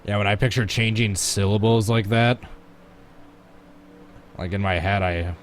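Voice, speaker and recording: A man's voice: fairly low pitch, fairly even intonation, unhurried, a little hiss or hum. A man casually chatting at home while streaming a racing game, reacting to viewers and the action. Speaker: gaming live streamer. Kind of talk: casual live-stream commentary while playing a racing sim.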